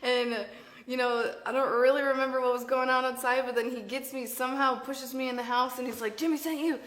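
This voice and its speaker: Young woman rambling and giggling through a story, kinda high voice, echoey room. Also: little pitch movement, a little fast, fairly bright tone. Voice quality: giggly, rambling with lots of fillers. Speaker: podcast guest. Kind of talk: candid storytelling, casual chat.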